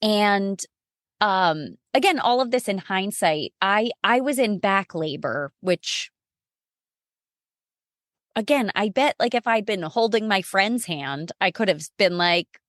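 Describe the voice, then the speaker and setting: A woman guest on a podcast telling her story in a casual, expressive, self-mocking way, full of "like" fillers. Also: medium pitch, slow pace, dry recording, studio quality. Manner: chatty with frequent "like" fillers.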